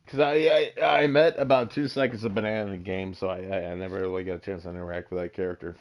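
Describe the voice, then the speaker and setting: A man hosting a casual podcast chat, excitable and teasing, swearing freely. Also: sits low, fast. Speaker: podcast host. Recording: dull lo-fi voice chat.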